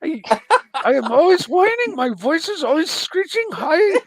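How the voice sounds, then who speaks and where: Whining, screechy man with an Irish lilt, done by a man. Pushed high. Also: very animated, moderate pace, a crowd in the background, exaggerated voice. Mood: whiny.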